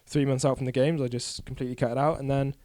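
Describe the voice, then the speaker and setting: Speaking fast in a mellow, medium-pitched voice with flat delivery, a cyclist in his 20s rambles candidly as a podcast guest and jokes at his own expense. It's a casual chat with no echo.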